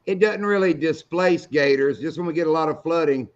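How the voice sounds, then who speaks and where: A man's voice: fairly high pitch, brisk, highs cut off. A middle-aged man hosting a live fishing show, telling stories in a folksy, salty way. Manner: folksy, storytelling, salty language. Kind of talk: casual live-stream chat.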